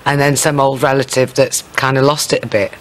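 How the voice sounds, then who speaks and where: A middle-aged man in an interview, talking casually with a deadpan, wry manner. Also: medium pitch, fairly quick. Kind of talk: casual chat.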